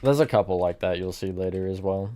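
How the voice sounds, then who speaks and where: A man's voice: low voice, a little fast, dark tone. A man streaming live, chatting casually with his viewers while he builds, often laughing at his own slips. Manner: chatty, self-mocking, answers chat mid-task.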